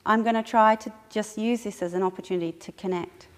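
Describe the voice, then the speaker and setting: A woman's voice: medium pitch, fairly quick. A middle-aged woman sharing a personal anecdote in a training talk, acting out what people said and laughing often. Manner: lively storyteller who acts out quotes and laughs often. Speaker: staff trainer. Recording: echoey hall with faint noise.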